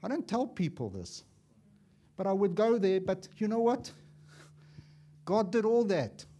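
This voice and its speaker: A man preaching a sermon as an evangelist, impassioned and swinging from loud to hushed, acting out little dialogues as he tells stories. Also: high voice, big pitch swings, unhurried. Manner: acts out dialogue in storytelling.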